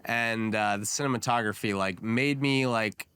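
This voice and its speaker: A man co-hosting a podcast in a casual, animated chat, emphatic and quick to jump in over the others. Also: lowish voice, clear, resonant tone, no echo. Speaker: podcast co-host.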